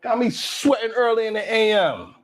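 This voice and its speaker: A man hosting his own live stream show, boasting and trash-talking the haters in a loud, hyped rant full of cursing. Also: high-pitched, expressive, moderate pace. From Brownsville, Brooklyn.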